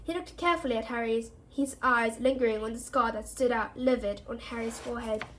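A woman reads a novel aloud in a steady storytelling voice that sits fairly high. She keeps a plain, even pace, with a few slips along the way. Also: a little fast, slight background noise. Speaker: reader.

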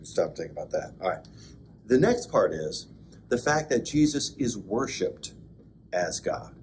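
A man, a pastor, giving a conversational Bible class lecture, with joking asides and bursts of excited emphasis. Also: lowish voice, unhurried, slight background noise. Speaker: pastor teaching an adult class. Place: church classroom.

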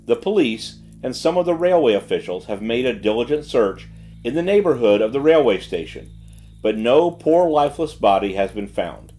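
Measured male audiobook narrator. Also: medium pitch, very animated, dark tone. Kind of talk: scripted narration.

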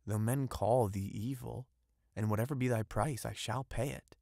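A man's voice: medium pitch, steady tone, moderate pace, creaky, warm tone, no echo, studio quality, lightly acted. A man voicing an eager, naive young fisherman in an audiobook, raising his voice a little and talking earnestly. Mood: pleading.

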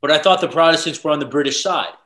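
Curious podcast host in a roomy echo. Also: male voice, on the high side, quick pace, a bit bright. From United States. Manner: curious, asks plain questions. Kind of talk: casual interview chat.

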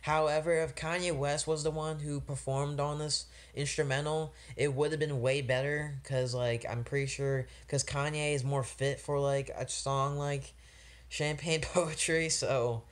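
A man's voice: medium pitch, level tone, a little slow. A young man reviewing an album in a rambling, casual vlog, full of slang and swearing and openly frustrated. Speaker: music reviewer.

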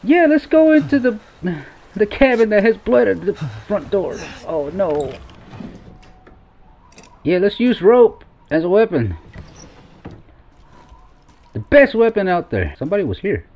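A man's voice: high-pitched, sing-song, a little slow, long pauses, darkish tone. A young man playing a horror game, exclaiming and talking to his viewers as he goes. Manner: jumpy, exclaiming, talks to viewers as Wolfpack. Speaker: gaming YouTuber. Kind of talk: let's-play commentary.

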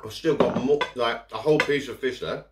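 Talking briskly in a mid-range voice, a food vlogger rambles with his mouth full as he eats and chats casually. The echoey room has heavy background noise, including the clink of cutlery and dishes.

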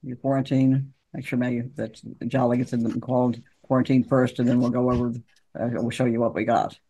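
A man playing in a tabletop game, speaking calmly and carefully in character. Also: mid-range voice, brisk, low-quality recording. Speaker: player. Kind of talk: casual tabletop role-play.

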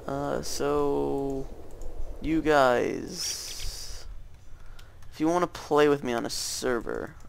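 Young male gameplay commentator, leisurely pace, creaky voice, hesitant and rambling. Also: medium pitch, drawn-out words, long pauses, slight background noise. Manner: rambling, hesitant, many fillers and restarts. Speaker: gaming YouTuber.

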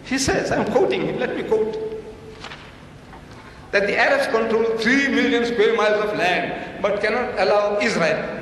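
High-voiced man debating in an echoey hall. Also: moderate pace, fairly bright tone, far from the mic, a little hiss or hum. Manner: sarcastic, quoting and mocking his opponent; fiery rhetorical questions. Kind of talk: public debate speech. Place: large lecture hall. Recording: very echoey hall recorded from afar.

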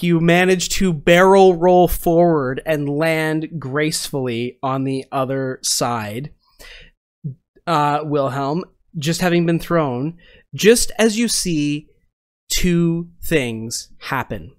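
A man narrating a tabletop game as game master, in slow, descriptive narration. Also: fairly high pitch, smooth, dry recording, clean studio sound.

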